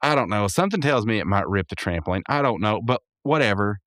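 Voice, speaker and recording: A man's voice: lowish voice, lively intonation, fast talker, a bit bright, no echo, studio quality. A man hosting a podcast, recapping a cartoon episode in casual, rambling commentary, correcting himself and laughing often.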